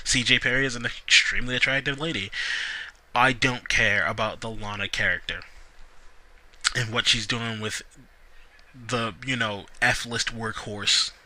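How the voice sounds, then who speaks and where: Sharp-voiced man ranting sardonically. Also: medium pitch, steady tone, unhurried, pauses often, rough recording. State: dry, sore throat. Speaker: wrestling show reviewer. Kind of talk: casual solo review vlog.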